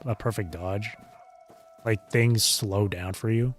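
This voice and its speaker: Low-voiced man streaming a game. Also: fairly even intonation, slow, faint music behind. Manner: reads game dialogue aloud and reacts casually. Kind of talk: casual gameplay commentary.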